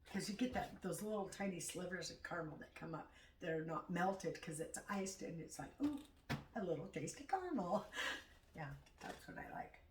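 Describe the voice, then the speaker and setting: A middle-aged woman chatting casually at home in a vlog, rambling and halting as she talks. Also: fairly low pitch, animated, background noise. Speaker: vlogger. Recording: echoey room, far from mic.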